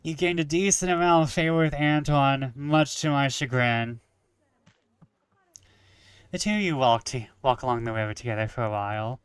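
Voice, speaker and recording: Man, wry gamer commentary, smooth voice, close dry mic. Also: mid-range voice, normal speed, no echo. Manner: wry, joking asides. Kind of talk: reading a story game aloud with commentary.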